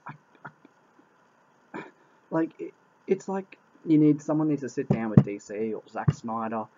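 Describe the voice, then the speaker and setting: A man rants through a casual movie review, exasperated and quick to swear, circling back to the same complaints again and again. His voice sits at an ordinary middle pitch. The recording is dull and lo-fi. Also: animated, dark tone. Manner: exasperated, swears a lot, repeats himself. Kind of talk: casual spoken film review.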